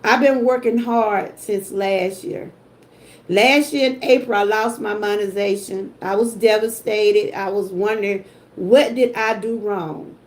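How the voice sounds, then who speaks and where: A woman's voice: medium pitch, steady tone, unhurried, darkish tone. An older woman, chatting emotionally with her live-stream viewers. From Georgia, US. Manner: emotional, talks straight to chat viewers. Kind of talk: casual livestream chat.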